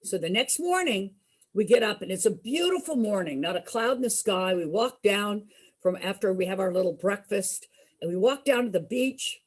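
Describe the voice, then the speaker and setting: A woman's voice: medium pitch, normal speed. A middle-aged woman entertainer telling a personal story to a group, acting out the voices she quotes. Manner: animated, acts out quoted voices. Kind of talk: storytelling to an audience.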